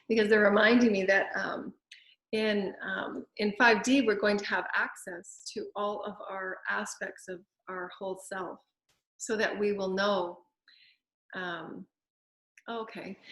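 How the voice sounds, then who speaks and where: A woman medium leading a spiritual channeling session, speaking softly and gently in flowing phrases with many pauses. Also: medium pitch, echoey room, rough recording.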